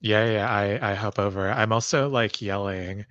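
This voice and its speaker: A man speaks in character at a tabletop game. His low voice is slow and hesitant, full of fillers, and comes through a dull, dry mic. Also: fairly bright tone, no echo. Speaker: player.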